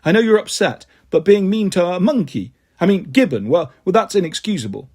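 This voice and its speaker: A man's voice: sits high, animated, darkish tone. Man playing a stern, scolding woman friend. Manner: scolding, measured.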